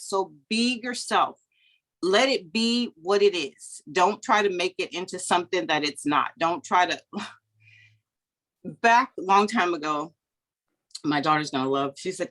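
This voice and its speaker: A middle-aged woman giving a motivational coaching talk over a video call, chatty and lively. She laughs often and acts out anecdotes in quoted voices. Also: fairly low pitch, normal speed. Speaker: business coach.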